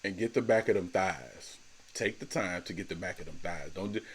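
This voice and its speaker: A man's voice: low voice, brisk, husky. A man in his thirties hosting a casual solo podcast, talking in a slangy, laid-back way, repeating words and laughing often. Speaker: podcast host.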